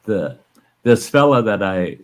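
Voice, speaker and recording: A man's voice: on the low side, very animated, slow pace. An older American man, a channel host, telling a folksy story in casual chat and chuckling as he goes. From American West.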